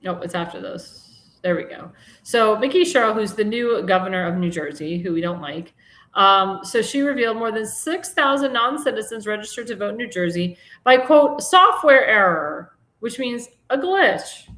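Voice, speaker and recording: A woman's voice: medium pitch, animated, normal speed, a bit bright. A woman hosting a live political talk show, chatting casually with many fillers and restarts. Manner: indignant, scolding. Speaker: host. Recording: roomy echo.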